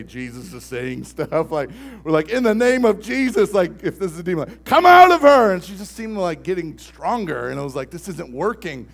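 Gravelly male pastor, whisper to shout. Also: fairly high pitch, slight background noise, poor audio. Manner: swings from hushed near-whisper to loud shouting. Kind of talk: sermon with a story.

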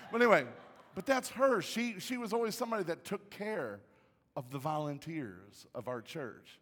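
A man's voice: on the high side, fast talker. Man preaching in a reverberant hall. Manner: conversational, repeats words, grows loud and excited in the story. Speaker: pastor. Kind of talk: sermon with a personal story. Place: church auditorium. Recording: long reverb of a large hall.

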